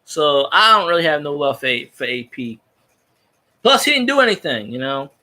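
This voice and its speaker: A man hosting a casual sports chat, rambling and profane like an excited fan. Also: a little high, normal speed. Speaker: podcast host.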